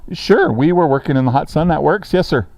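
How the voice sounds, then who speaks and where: A man's voice: fairly high pitch, animated, a little fast, gravelly, darkish tone, dry recording. A man teaching a sixth grade grammar lesson in a classroom, talking casually and checking in with the students often.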